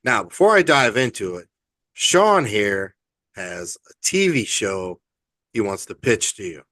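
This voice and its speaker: A man hosting a podcast, leading into the next segment in a relaxed way. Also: lowish voice, a little slow, dry recording. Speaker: podcast host. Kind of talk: casual interview chat.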